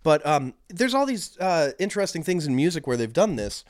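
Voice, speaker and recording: A man's voice: a little high, big pitch swings, brisk, dry recording. Rambling man on a podcast, dry sound. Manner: rambling, many fillers and restarts. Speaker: podcast co-host. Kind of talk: casual chat.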